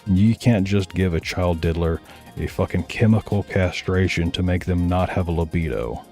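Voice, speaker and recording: Blunt, deep-voiced male streamer ranting. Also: normal speed, darkish tone, faint music behind. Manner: blunt, profane, heated. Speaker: streamer reacting to videos. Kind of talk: casual ranting commentary.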